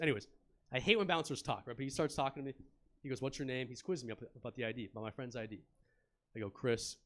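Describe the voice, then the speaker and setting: A man's voice: mid-range voice, moderate pace, long pauses. A young man doing a stand-up comedy set in a club, telling stories in a laid-back, chatty way and bantering with the crowd.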